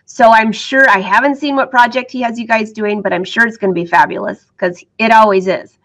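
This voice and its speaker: Chatty woman with a fairly high voice. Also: fairly even intonation, brisk, fairly bright tone. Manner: chatty, upbeat, laughs often. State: has the hiccups. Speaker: sewing teacher and vlogger. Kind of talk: casual chat to viewers.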